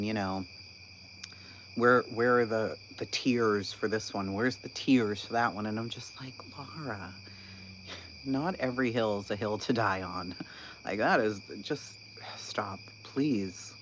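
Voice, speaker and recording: A man hosting a channel, talking casually about online drama in an animated, incredulous way and laughing often. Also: on the low side, measured pace. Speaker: channel host. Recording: dull lo-fi sound with constant background noise.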